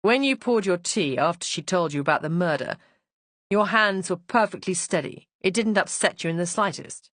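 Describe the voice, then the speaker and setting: A woman's voice: lowish voice, lively intonation, moderate pace, fairly bright tone, no room sound. A woman narrator voicing a dry, teasing aristocratic husband who speaks unhurriedly.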